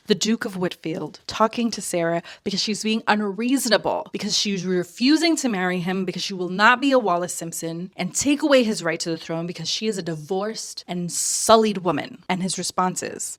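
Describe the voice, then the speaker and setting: A woman's voice: fairly low pitch, animated, normal speed, few pauses, fairly bright tone, dry recording, studio quality. Chatty, digressive woman reviewing books. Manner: chatty, digressive, full of "like" fillers; playfully sarcastic, calls viewers darling and babes. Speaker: book reviewer. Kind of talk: casual book review.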